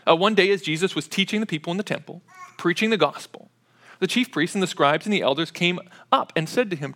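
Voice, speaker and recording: A man preaching an expository sermon, explaining step by step in a conversational way with frequent pauses and fillers. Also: sits high, expressive, a bit bright.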